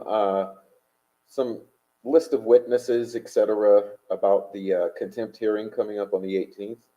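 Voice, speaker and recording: The livestream host has a mellow, lowish voice, a measured pace and long pauses. He reads chat and super chats aloud in a rambling, combative way loaded with fillers, and the audio is dull and lo-fi.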